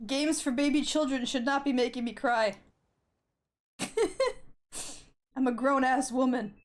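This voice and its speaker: A woman's voice: high voice, steady tone, slow pace, pauses often. A young adult woman streaming a video game, crying, laughing and swearing as she talks. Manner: swearing, laughing while teary. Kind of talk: live game-stream commentary. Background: game music.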